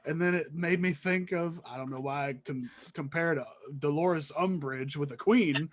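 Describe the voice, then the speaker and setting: A man's voice: on the high side, moderate pace. A man co-hosting a casual gaming podcast, joking and teasing his co-hosts. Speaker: podcast co-host. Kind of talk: casual chat.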